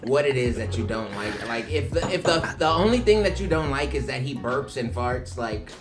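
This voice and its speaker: A young man co-hosting a podcast, excitable in casual chat, filling lines with "bro" and "like". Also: medium pitch, moderate pace. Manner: excitable, says "bro" and "like" often. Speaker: podcast co-host. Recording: music playing underneath.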